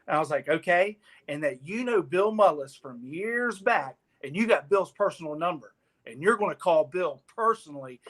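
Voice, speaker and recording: High-voiced man telling a lively story. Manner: lively, laughing, acts out the people in his story. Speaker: guest sponsor representative. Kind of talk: animated storytelling.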